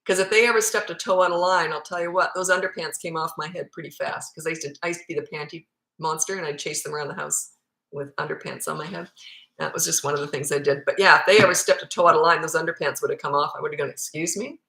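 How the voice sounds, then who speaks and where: A woman's voice: sits low, fairly even intonation, fast talker, vocal fry, pushed and bright. Blunt, emphatic woman parenting coach. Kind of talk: live viewer Q&A. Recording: echoey room.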